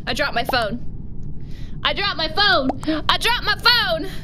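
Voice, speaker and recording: A woman streaming a game live, chatting with viewers in an animated, jokey way with sudden yelps. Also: very high-pitched, measured pace. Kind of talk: live gaming stream chat. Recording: noisy background.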